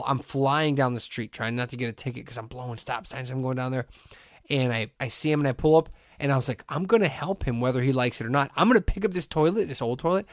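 In clean studio sound with no echo, a medium-pitched man co-hosts a podcast and tells a long story over casual chat. He's an animated storyteller, acting out the voices of the people involved and laughing often.

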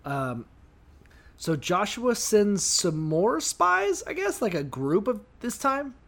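Animated, profane man cracking jokes. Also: sits high, takes it slowly, creaky. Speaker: podcast co-host. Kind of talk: irreverent comedy chat reading scripture.

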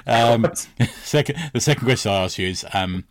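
A man's voice: medium pitch, normal speed, slight background noise. A man hosting a casual podcast interview, prompting his guest with friendly questions and tag questions. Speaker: podcast host.

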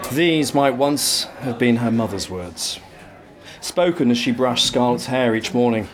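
Brief: male reader, measured, lyrical fairy-tale delivery, mid pitch. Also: lively intonation. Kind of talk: live reading of a fairy-tale retelling.

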